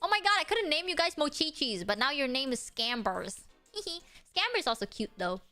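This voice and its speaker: Streamer, female, high bright voice, playful and foul-mouthed, faint music behind. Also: very animated, moderate pace. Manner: playful, swears freely. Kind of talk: casual livestream chat.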